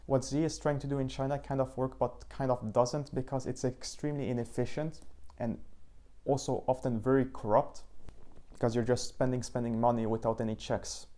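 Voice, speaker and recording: A man hosting his own book channel, giving a casual, slightly halting review and pausing to search for words. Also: mid-range voice, mellow.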